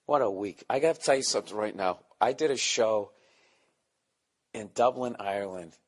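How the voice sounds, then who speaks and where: A man's voice: lowish voice, normal speed. A man hosting his own podcast from home, rambling in a profane, self-mocking casual monologue while keeping his voice down. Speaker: podcast host and comedian. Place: home, at night or early morning.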